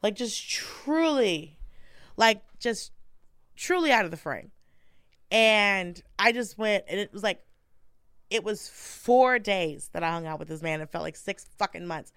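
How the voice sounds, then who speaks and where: Animated woman comedian with a smooth voice. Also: mid-range voice, measured pace, no room sound, studio quality. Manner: animated, profane, acts out quotes in storytelling. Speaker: comedian guest. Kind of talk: casual podcast chat.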